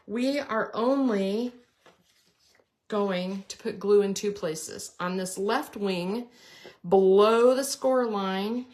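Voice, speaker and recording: A middle-aged woman hosting a casual card-making tutorial, chatting and explaining step by step as she works with her hands. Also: medium pitch.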